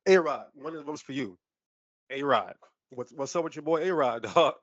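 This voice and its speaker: A man's voice: on the high side, a little slow, long pauses, no echo, lo-fi sound. Profane laughing sports podcast guy. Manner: animated, profane, laughs often. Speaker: podcast co-host. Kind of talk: casual sports chat.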